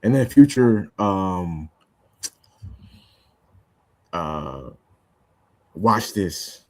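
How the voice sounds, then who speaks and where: Deep-voiced young man, loose chat. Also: animated, drawn-out words, no room sound. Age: young adult. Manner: loose, rambling, full of fillers and restarts. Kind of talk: casual chat.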